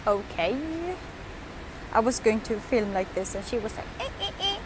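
A woman's voice: medium pitch, fairly even intonation, moderate pace, very noisy. A young woman from Sweden vlogging her travel to camera, chatty, playful and emotional. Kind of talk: casual vlog chat to camera. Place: airport and plane, indoors. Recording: loud music under voice.

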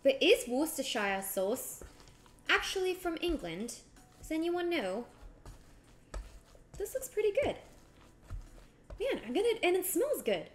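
A woman's voice: very high-pitched, sing-song, a little slow, pauses often. A woman streaming herself cooking, chatting casually with her viewers and narrating each step. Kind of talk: casual live-stream chat while cooking. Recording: background music clearly audible.

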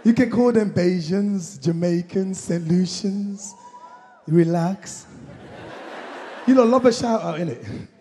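A young man from Congo doing a stand-up comedy set, energetic, shouting punchlines and acting out his parents. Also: sits high, takes it slowly, pauses often, a little hiss or hum. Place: comedy concert stage. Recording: live show in a hall with long reverb.

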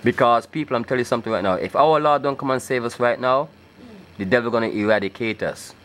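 A man's voice: medium pitch, quick pace, a bit bright. A man speaking to his viewers in an emphatic, insistent preaching monologue. He often checks in with "okay?" and at times rises into scripture-like declamation. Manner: breaks into rising, scripture-like declamation. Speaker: video blogger.

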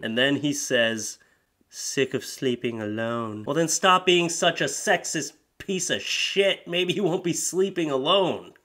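Sarcastic, crude male commentary host. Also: mid-range voice. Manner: sarcastic, crude, mocking, laughs at his own jokes; switches into loud, exaggerated voices when reading posts aloud. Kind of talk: comedic commentary reading posts.

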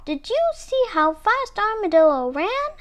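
A woman's voice: very high voice, big pitch swings, measured pace, pitched above the performer's own voice, exaggerated voice. A woman voicing a teasing male muskrat who calls out in a storybook reading. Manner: calling out, teasing.

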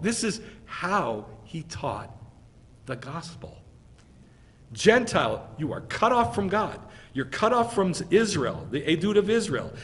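A man's voice: high-pitched, fairly bright tone. A male rabbi preaching a sermon with emphatic delivery and rhetorical questions to his congregation.

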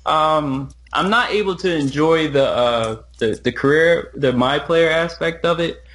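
A man's voice: a little high, measured pace, fairly bright tone. A man co-hosting a casual sports podcast, wry and joking, with some hesitation. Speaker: podcast co-host.

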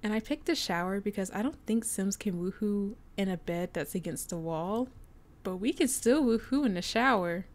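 A young woman giving casual, chatty commentary on her life-sim game, prone to excited, gushing asides. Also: mid-range voice, moderate pace, a little hiss or hum. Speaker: gameplay commentator.

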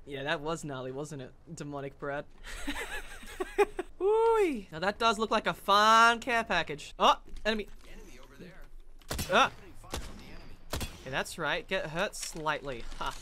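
A woman giving excited, chatty commentary on her own gameplay, with sudden yelps and laughs as the action turns. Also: on the low side, takes it slowly, long pauses, a crowd in the background. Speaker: gaming streamer.

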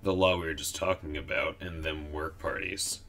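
A man's voice: extremely low pitch, moderate pace, fairly bright tone. A man voicing a grumbling old female squirrel who rambles in folksy dialect. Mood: firm.

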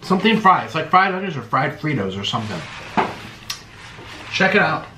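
Excitable man gushing over food. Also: fairly high pitch, a little fast, noisy background. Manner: excitable, gushing, full of exclamations. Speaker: mukbang host. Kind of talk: casual eating vlog chat. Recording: roomy echo.

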